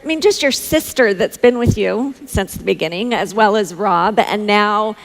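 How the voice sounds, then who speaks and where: A woman co-hosting a casual chat, encouraging and quick to affirm what others say. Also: medium pitch, creaky, long reverb tail, rough recording.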